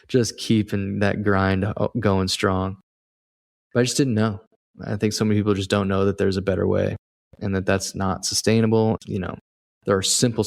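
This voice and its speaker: A man who works as a performance coach, a guest on a podcast, talking in a relaxed, reflective, casual way. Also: fairly low pitch, gravelly. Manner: relaxed, reflective, uses fillers like "like" and "you know". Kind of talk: casual conversation.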